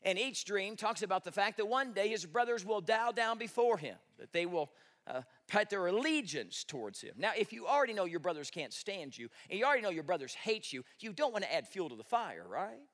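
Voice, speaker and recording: A man's voice: high-pitched, sing-song, brisk, a bit bright. A man preaching a sermon, retelling a story with rhetorical questions and folksy joking asides. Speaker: pastor.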